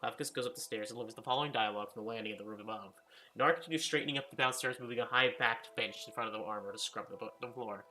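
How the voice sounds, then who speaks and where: A man's voice: mid-range voice, bright, forceful tone. Man reading a fantasy story aloud. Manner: quick, stumbling, self-correcting reading. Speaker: narrator. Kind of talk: casual read-aloud storytelling.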